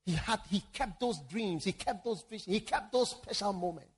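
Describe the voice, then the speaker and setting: A man preaching a sermon, moving between loud emphatic calls and hushed prayer. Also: high voice, normal speed, slightly rough.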